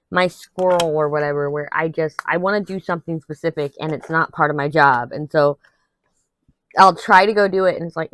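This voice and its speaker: A young adult woman vlogger casually talks to her viewers while crafting, rambling and venting candidly with a few laughs. Her low-pitched voice has a fairly bright tone at normal speed, with slight background noise.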